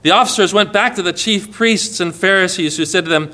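A man delivers a sermon in a high, bright voice. He talks conversationally, drops in small asides, and briefly acts out the lines he quotes. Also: a little fast. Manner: expressive, acts out quoted lines with shifts in volume and pace; warm, conversational asides with light laughs. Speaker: preacher.

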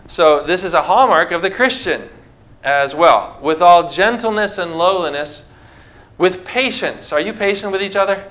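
A pastor with a voice that sits high and sounds a bit bright preaches at a moderate pace before his congregation in church. He asks rhetorical questions and talks them through simple object lessons.

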